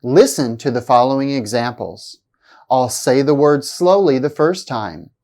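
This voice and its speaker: A woman reading a scripted pronunciation lesson, saying each example word slowly and deliberately with exaggerated stress. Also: rumbling low, mellow. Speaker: pronunciation teacher.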